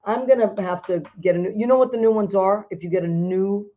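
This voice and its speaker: A middle-aged woman hosting a casual chat show, animated and quick to laugh. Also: mid-range voice, dull audio. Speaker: host.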